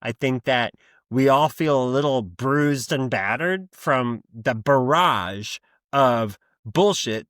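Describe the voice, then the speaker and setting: A man's voice: medium pitch, fairly bright tone, no room sound, studio quality. A man hosting his own podcast in a casual, rambling monologue, blunt and freely profane. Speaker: podcast host.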